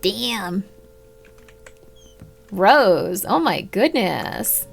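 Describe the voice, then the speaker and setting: A woman's voice: medium pitch, sing-song, drawn-out words, creaky, faint music behind. A woman streaming a horror game, chatting casually, reading chat and breaking into sudden yelps. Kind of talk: casual live game commentary.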